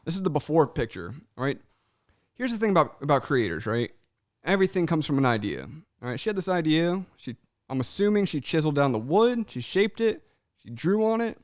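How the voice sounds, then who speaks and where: A man's voice: fairly high pitch, very animated, brisk, no room sound, clean studio sound. A young man hosting a podcast, chatting casually and animatedly, swearing freely and calling everyone "man.". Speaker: podcast host. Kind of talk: casual chat.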